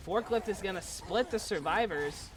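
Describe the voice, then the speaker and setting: A man casting a live esports match with play-by-play commentary, getting excitable as fights build. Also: moderate pace. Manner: excitable, builds in pitch and volume during fights. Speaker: esports caster.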